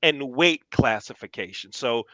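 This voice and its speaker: A man telling personal stories in casual talk, animated and repeating phrases for emphasis. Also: medium pitch, moderate pace, dry recording. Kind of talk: casual storytelling.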